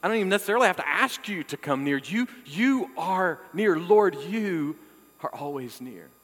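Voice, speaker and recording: Man, pastor, sermon, dynamic preaching from loud to hushed, long hall reverb. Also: sits high, expressive, normal speed.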